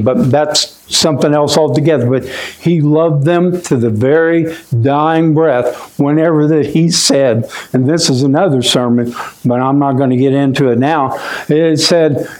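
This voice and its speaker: A man preaching a sermon in a folksy way, often saying "my friend" and dropping his voice low and quiet when he is moved. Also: measured pace, low-quality recording. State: choked up.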